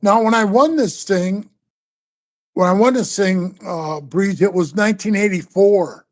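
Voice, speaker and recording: A man's voice: sits high, measured pace. An older man in his sixties spins tall stories in a loose, casual chat. He swears freely and keeps calling the listener bro and man. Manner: profane, animated, says bro and man a lot. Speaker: guest storyteller. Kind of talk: casual storytelling.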